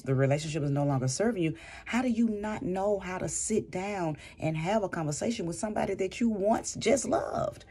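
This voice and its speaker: A woman's voice: sits low, dark tone, husky. A woman who does spiritual readings, giving an emphatic advice monologue and repeating phrases for stress. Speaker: spiritual reader and vlogger.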